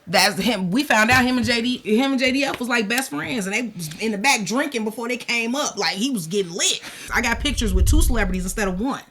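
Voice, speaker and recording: A woman chatting casually on a podcast, telling animated stories with quick asides. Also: a little high, slight background noise.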